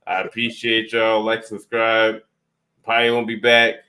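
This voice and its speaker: A man joking around as a podcast co-host, blunt and full of slang. His voice sits low, yet it has a bright, forceful edge. He talks casually. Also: monotone, a little slow. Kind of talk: casual chat.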